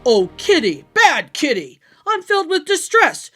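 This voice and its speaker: A woman voicing an exasperated pet owner who scolds loudly in a read-aloud storybook. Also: very high-pitched, huge pitch swings, unhurried, soft background music, voice pushed up, exaggerated voice. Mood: scolding.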